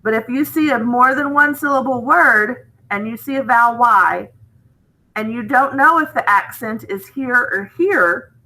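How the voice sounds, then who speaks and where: A woman's voice: a little high, pushed and bright, rough recording. A woman teaching a phonics lesson online to children, patiently sounding out letters and checking in with "okay?". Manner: sounds out letters and words slowly and clearly.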